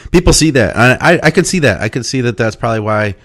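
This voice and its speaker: A man's voice: medium pitch, animated, quick pace, fairly bright tone. Agreeable male podcast host. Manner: agreeable, supportive interviewer. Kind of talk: casual interview chat.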